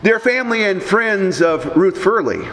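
Very high-voiced pastor preaching in a hall. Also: male voice, big pitch swings, measured pace. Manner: dramatic, swings between loud emphatic highs and low drops; rhetorical questions to the mourners. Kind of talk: funeral sermon. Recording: long hall reverb, faint background noise.

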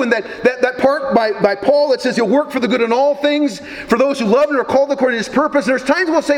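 A man's voice: extremely high pitch, brisk, few pauses. A man preaching a sermon in a conversational, folksy way with casual asides. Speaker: pastor. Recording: long hall reverb, faint background noise.

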